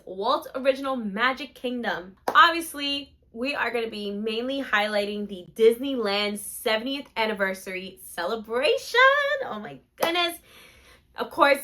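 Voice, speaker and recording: A woman's voice: on the high side, bright, forceful tone. A young woman vlogging about theme parks, gushing and emotional as she talks. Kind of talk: excited theme park vlog chat.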